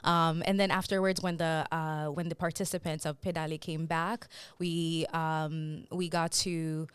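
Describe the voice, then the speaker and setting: A young adult woman from Haiti speaks as an interview guest, earnest and reflective in tone. Her voice sits low and sounds clean and smooth. The sound is close and dry, with no room around it. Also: little pitch movement, unhurried, no echo. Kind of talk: casual interview chat.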